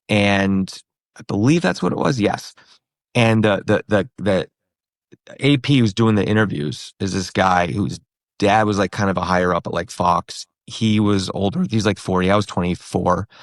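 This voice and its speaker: A comedian in his thirties telling a story in a casual interview, animated, acting out the other people in it. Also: fairly low pitch, normal speed, no room sound, clean studio sound. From New York and Pennsylvania. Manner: animated, acts out quoted voices. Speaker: comedian guest.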